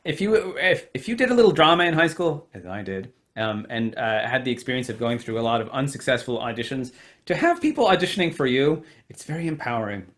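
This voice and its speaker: A man in his forties, an American author talking on a video call, slightly nasal, with many pauses and fillers. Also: mid-range voice, very animated, fairly bright tone. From United States. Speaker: author guest. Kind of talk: virtual event conversation. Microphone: home computer mic on video call.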